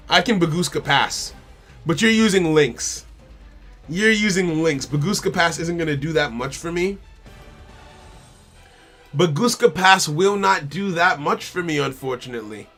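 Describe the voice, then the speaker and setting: During a live card game stream, a man with a fairly high, bright voice narrates his turns, muttering options and repeating lines while he decides. Expressive and measured with frequent pauses, he addresses his opponent and chat over faint background music.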